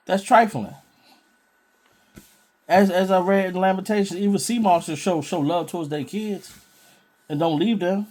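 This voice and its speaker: A man's voice: high-pitched, moderate pace, long pauses, darkish tone. Blunt, scolding man preaching. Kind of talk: informal scripture preaching.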